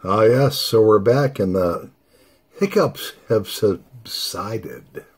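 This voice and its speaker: An older man vlogging while smoking his pipe, talking in an unhurried, musing way with pauses between thoughts. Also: lowish voice, lively intonation. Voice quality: gravelly, raspy. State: hiccups from nicotine. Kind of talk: slow casual monologue while smoking.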